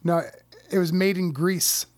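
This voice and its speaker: A man with a high-pitched voice, chatting loosely as a podcast guest. He trades deadpan dad jokes and drops swear words casually. His voice is close and dry, with no room sound. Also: measured pace, no echo. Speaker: guest, comedian.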